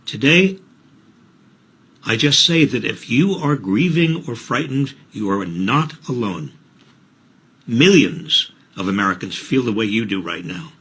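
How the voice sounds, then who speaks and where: Male politician, solemn prepared statement, bright, husky tone. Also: lowish voice, lively intonation. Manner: measured, solemn.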